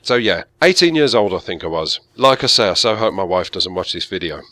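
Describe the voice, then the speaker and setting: This Brummie gaming YouTuber from England rambles candidly through a casual Q&A, speaking into a gaming headset with no echo. His voice is low yet fairly bright, expressive, and a little fast.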